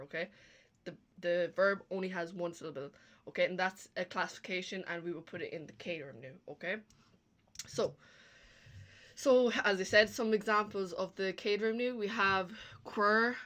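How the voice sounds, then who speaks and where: A woman's voice: lowish voice, a bit bright. A woman teacher recording a lesson over slides, explaining each step and checking in with "okay?" after most points. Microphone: talking over slides.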